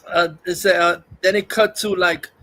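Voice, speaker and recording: A livestream host with a high-pitched, bright, forceful voice chats casually about a movie, keeping a level tone and measured pace. He retells it scene by scene in a rambling, profane way, acting out the quotes as he goes.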